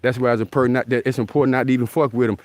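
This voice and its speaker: A man's voice: medium pitch, steady tone, rapid-fire, no room sound. Casual man talking outdoors. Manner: loose, repetitive street talk with lots of "man" and "bro". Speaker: vlogger. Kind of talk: casual outdoor vlog talk. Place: outdoors in a rural area near deer.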